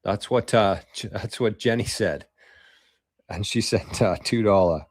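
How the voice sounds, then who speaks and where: A man hosting a casual livestream, reading viewer comments aloud in a loose, swearing, chatty way with quick laughs. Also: fairly low pitch, dry recording, clean studio sound. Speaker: livestream host.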